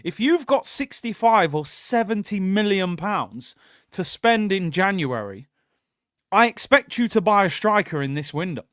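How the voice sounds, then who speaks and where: A man's voice: high voice, sing-song, measured pace, a bit bright, no room sound, clean studio sound. A man hosting a football fan channel, ranting in exasperation during a live watchalong and repeatedly addressing his viewers directly.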